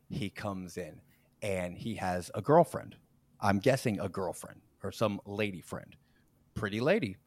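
In a casual podcast chat, a forty-something male host with a fairly low voice tells a story from work at a moderate pace, no echo present. He's lively, acts out the quotes, breaks into laughter and frequently begins his sentences again.

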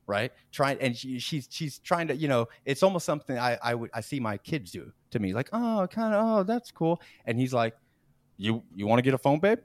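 A man's voice: medium pitch, brisk, dry recording. A man in his forties, a podcast host, telling a workplace story in casual chat, acting out quotes, laughing as he goes and often restarting his sentences. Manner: animated, acts out quotes, laughs mid-story, frequent restarts.

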